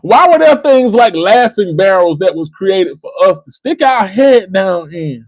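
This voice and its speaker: High-voiced emphatic man on a livestream. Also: expressive, measured pace, dry recording, rough recording. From United States. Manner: emphatic, repeats phrases, addresses a listener by name. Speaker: livestream host. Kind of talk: impassioned livestream commentary.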